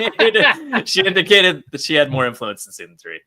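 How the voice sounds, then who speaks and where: A man's voice: on the high side, very animated, fast talker, a crowd in the background. A man co-hosting a casual podcast chat, laughing often and reading out listener comments. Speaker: podcast co-host.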